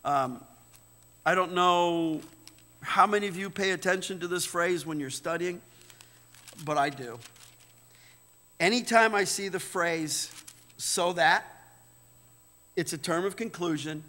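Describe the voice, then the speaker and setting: Male pastor, high bright voice, emphatic sermon delivery, long church reverb. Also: slow, long pauses. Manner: emphatic, repeats words, asks "right?". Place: church sanctuary.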